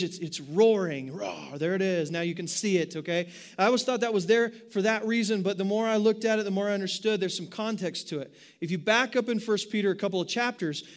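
A man preaching a sermon in an animated way, asking his listeners rhetorical questions. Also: sits high. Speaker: pastor.

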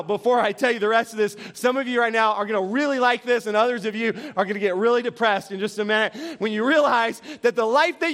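A male pastor delivers a sermon in church with an unusually high voice. He speaks earnestly, repeating his key phrases for emphasis and now and then laughing at his own lines. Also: fairly bright tone.

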